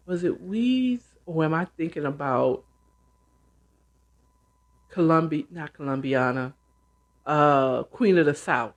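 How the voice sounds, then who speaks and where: A woman host casually retelling a novel she's reading, with chatty, animated asides. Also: low-pitched, slow, pauses often. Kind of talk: casual book retelling and commentary.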